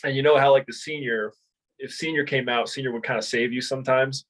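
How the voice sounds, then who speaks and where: A man's voice: medium pitch, steady tone, fairly quick, a bit bright, rough recording. A man in his thirties, a former Marine and martial arts instructor, telling stories in a casual interview, swearing freely, laughing and rambling with fillers. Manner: rambling with many fillers and restarts.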